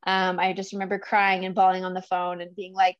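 A woman's voice: on the low side, completely flat delivery, a little fast, no echo, dull audio. A woman speaking as a guest coach in a casual interview, earnest and emotional, often laughing as she talks. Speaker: guest, business coach for mothers.

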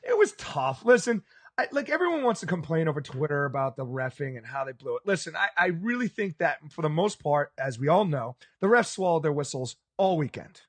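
A man with a noticeably high-pitched voice co-hosts a casual sports chat. He tells stories with animation and acts out the reactions of people around him. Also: fairly quick. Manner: animated storyteller, acts out bar crowd reactions.

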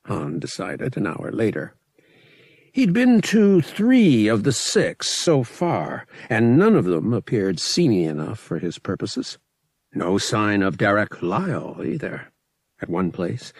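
A man reading an audiobook in an expressive, measured scripted narration. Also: fairly low pitch, creaky, slightly rough, no room sound.

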